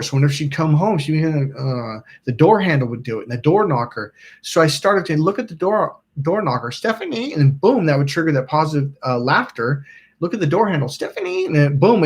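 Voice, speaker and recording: A man hosting a self-help channel, telling a story in a rambling, casual way, acting out quotes and swearing now and then. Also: on the high side. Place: indoors by a smoking candle.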